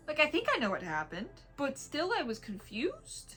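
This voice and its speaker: A little fast and with hardly any pauses, a woman reviews an audiobook in a casual video, her slightly high, fairly bright voice swooping wildly in pitch over faint background music. She rambles, laughs a lot, wanders off on tangents, and uses playful whispers to imitate vampires.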